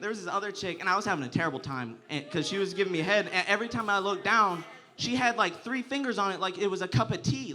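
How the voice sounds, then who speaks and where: A man's voice: high-pitched, fast talker, bright, forceful tone. A young man performing a stand-up comedy set, telling crude, profane stories and often laughing through his lines.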